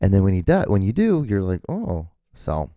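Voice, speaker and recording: Rambling low-voiced man, dry sound. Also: huge pitch swings, a little fast, dark tone, clear, resonant tone, dry recording. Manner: rambling, many restarts, swears freely. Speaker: podcast host. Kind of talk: casual solo rambling.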